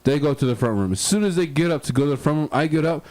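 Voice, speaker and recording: A man's voice: a little high, animated, very fast, darkish tone, no echo. Profane rambling man telling a story. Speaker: podcast co-host. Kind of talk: casual storytelling.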